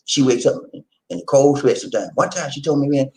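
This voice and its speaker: A middle-aged man hosting his vlog at home, telling stories in a folksy, animated way and talking straight to his viewers. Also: medium pitch, fast talker, rough recording. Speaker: vlog host. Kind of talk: casual storytelling chat to camera. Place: home in the Philippines.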